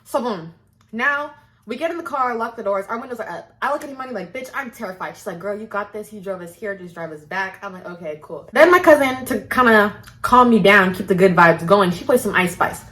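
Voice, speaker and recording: Talking a little fast in a mid-range voice, a woman shares a storytime vlog. She keeps it animated and loose, cursing freely and dramatizing every line of quoted speech.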